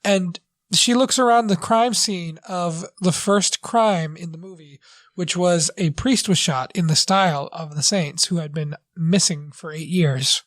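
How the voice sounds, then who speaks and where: Halting man recapping a movie. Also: sits high, a bit bright. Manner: halting, full of fillers and restarts. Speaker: podcast co-host. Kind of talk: casual movie review chat.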